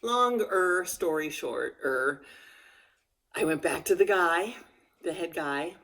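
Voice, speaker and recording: A middle-aged woman speaking to her camera in a loose, personal storytelling way. Her voice sits a little low for a woman, and she talks candidly and with feeling, stumbling into restarts and letting phrases trail off. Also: lively intonation, slow, fairly bright tone. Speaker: vlogger.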